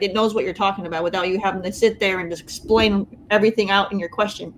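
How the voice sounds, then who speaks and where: A woman co-hosting a podcast in casual chat, who laughs easily and explains things in quick asides. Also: medium pitch, steady tone, a bit bright, a little hiss or hum, rough recording. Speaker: co-host.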